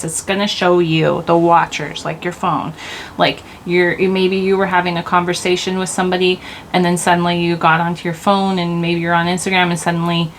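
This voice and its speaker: A woman's voice: lowish voice, a bit bright, slight background noise. Chatty woman doing a tarot reading. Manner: rambling, chatty, laughs at herself. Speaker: tarot reader. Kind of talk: casual channelled tarot reading. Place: home, indoors. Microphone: desk microphone.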